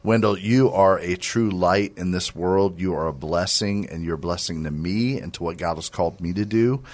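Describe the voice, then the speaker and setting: Casting: middle-aged man, very low voice, earnest Christian host exhorting listeners. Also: normal speed. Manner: earnest, affirming, preacher-like urging. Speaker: radio and podcast host, ministry leader. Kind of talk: Christian encouragement talk with a closing exhortation.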